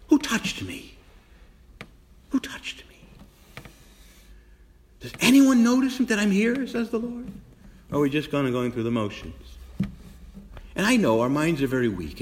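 A male Catholic priest giving an animated sermon, asking his congregation many questions and shifting between loud outbursts and hushed whispers. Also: on the high side, big-room sound. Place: church.

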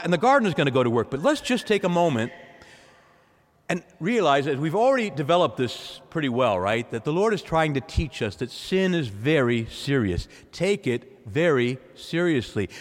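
A male pastor preaching an animated sermon to his church. He calls out to the congregation and acts out the voices in his quotes. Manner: acts out voices in quoted lines, swings pitch and loudness widely. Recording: long hall reverb.

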